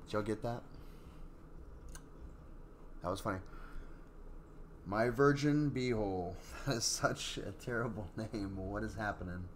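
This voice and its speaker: A man's voice: on the low side, measured pace, pauses often, a little hiss or hum. A man hosting a casual live stream, rambling and apologetic as he chats and reads stories. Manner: rambling and apologetic, with many fillers. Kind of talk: casual live stream chat and story reading.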